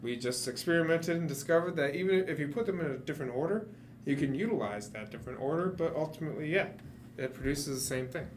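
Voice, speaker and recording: A man's voice: on the high side, animated, a little hiss or hum. A man at a hobby workbench reading instructions aloud step by step, with dry jokes in between. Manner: jokey, reads steps aloud deliberately. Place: hackerspace workshop.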